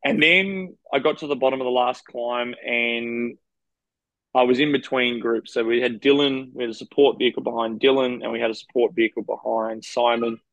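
A man's voice: medium pitch, steady tone, moderate pace, fairly bright tone, dry recording, poor audio. An Australian man, a professional cyclist, frankly recounting race stories in a rambling, casual interview. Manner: rambling, frank anecdotes with quoted dialogue.

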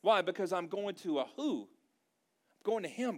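A man's voice: high-pitched, animated, moderate pace, darkish tone. A man preaching a sermon to a congregation in a church, with a conversational style and emphatic repeated phrases. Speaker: pastor.

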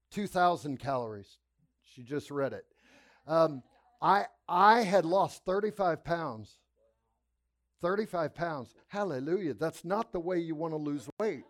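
A middle-aged man preaching from the pulpit, sharing a personal testimony with a somewhat high voice. He tells it in an animated way, rising to loud, laughing bursts and dropping to hushed, quiet lines. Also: slow. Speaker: pastor. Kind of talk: sermon testimony.

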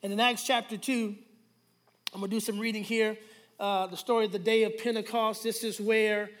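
Preaching to a responsive congregation, this male pastor shifts between quiet and booming slow phrases. His voice sits high and shows little pitch movement.

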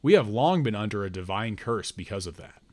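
A man reading a first-person story aloud in a measured, deliberate narrating voice. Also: on the low side, lively intonation, darkish tone. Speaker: audiobook narrator.

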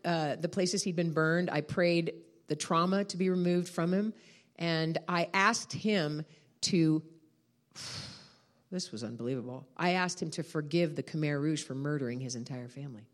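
A woman's voice: low-pitched, measured pace. A woman preaching a sermon, telling a personal testimony with heartfelt emotion. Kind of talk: storytelling sermon.

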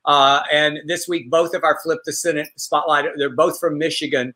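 A man co-hosting a talk show, chatting casually and telling a personal story with animated quoted voices. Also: on the high side, normal speed, rough recording. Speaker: co-host.

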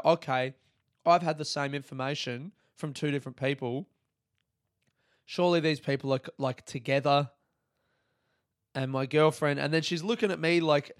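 A young man hosting a podcast, telling a comedic story in an animated, sweary way and acting out other people's lines. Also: fairly high pitch, no room sound, studio quality. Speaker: podcast host.

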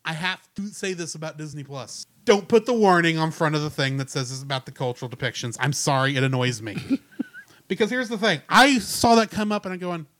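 A man co-hosting a casual movie review podcast, ranting in an animated, opinionated way. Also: a little high, brisk, no room sound. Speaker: podcast co-host.

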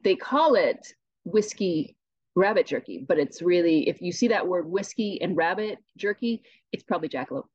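A woman guesting on a podcast, telling tall tales about a mythical animal with a deadpan delivery. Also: lowish voice, moderate pace, husky, dry recording, lo-fi sound. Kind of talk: tongue-in-cheek podcast interview.

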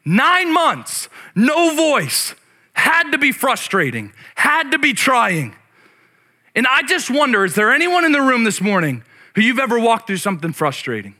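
A male pastor delivers a sermon in a high, bright voice. He talks conversationally, restarting words, and swings from loud exclaiming to quiet, hushed reflection. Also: big pitch swings, a little slow.

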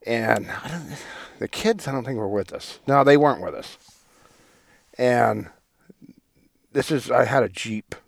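A man's voice: mid-range voice, lively intonation, measured pace, creaky, pauses often, no room sound, studio quality. A man, co-hosting a podcast, telling a long rambling story in casual, profane chat. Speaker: podcast co-host.

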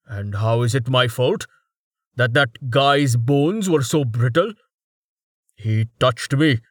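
A rude, swaggering bald fighter from a fantasy audiobook, as a man puts him on, snapping and talking down to everyone. He drawls some of his words slowly, and the recording is dry. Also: mid-range voice, no room sound. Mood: snappy. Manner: snappish and condescending. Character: arrogant bald male brawler, brash and rude.

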